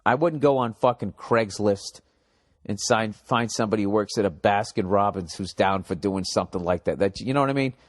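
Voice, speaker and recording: A man with a fairly low, slightly cracked voice hosts a comedy podcast, talking a bit fast as he sarcastically mocks listener emails he reads out. His rambling is full of profanity.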